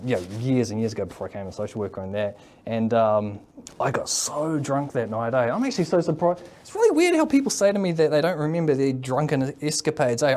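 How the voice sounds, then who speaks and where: In a mid-range, slightly mellow voice, a man with a New Zealand accent rambles through a casual interview about his mental health work. Fillers and "eh?" tags pepper his speech.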